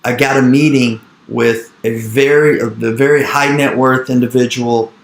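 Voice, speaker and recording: Animated male investor in an echoey room. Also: medium pitch, measured pace. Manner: animated, repeats phrases, acts out quoted dialogue. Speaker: real estate investor speaking to an investor group. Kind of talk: energetic storytelling talk.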